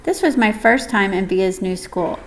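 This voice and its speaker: A woman reading a first-person audiobook story in a gentle, measured way. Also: mid-range voice, a little hiss or hum, low-quality recording. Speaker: audiobook narrator.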